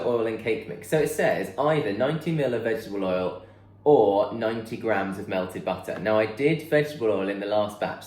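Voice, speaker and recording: A man's voice: lowish voice, darkish tone, roomy sound. A man chatting casually as he bakes in his kitchen, thinking aloud as he goes. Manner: chatty, rambling, thinks aloud while baking. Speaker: vlogger. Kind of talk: casual chat. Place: home kitchen.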